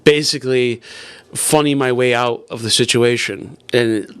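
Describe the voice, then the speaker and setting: A man's voice: mid-range voice, steady tone, normal speed, a bit bright, clear, resonant tone. A man, a comedian guest, telling a long story casually, full of restarts and swearing. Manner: rambling with many restarts and swearing.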